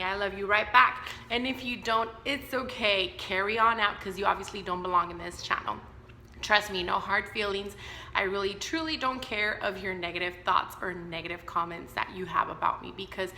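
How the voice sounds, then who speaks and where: A woman's voice: mid-range voice, bright, forceful tone, echoey room, slight background noise. A woman around thirty talking frankly to her viewers in an unscripted personal vlog, with plenty of fillers and asides. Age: 30s. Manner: candid, talks straight to viewers with many fillers. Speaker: vlogger.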